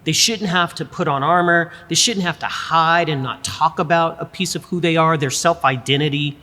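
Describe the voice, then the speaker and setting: A middle-aged American woman speaking as an interview guest, emphatic and animated, drawling "y'all" and checking in with "right?". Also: deep voice, normal speed. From United States. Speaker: guest, business school dean. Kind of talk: candid conversational interview. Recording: reverberant room.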